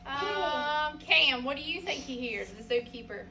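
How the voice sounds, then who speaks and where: A woman's voice: high voice, expressive, moderate pace, far from the mic, noisy background. A woman teacher reading a picture book aloud to a class, asking the children questions in a sing-song way.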